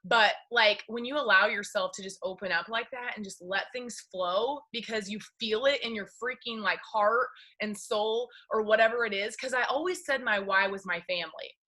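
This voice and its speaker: A woman's voice: mid-range voice, normal speed, hardly any pauses, bright, forceful tone. A woman leading a casual group video call, chatty and peppering her talk with "like". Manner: chatty, heavy use of "like". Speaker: team leader hosting a video call.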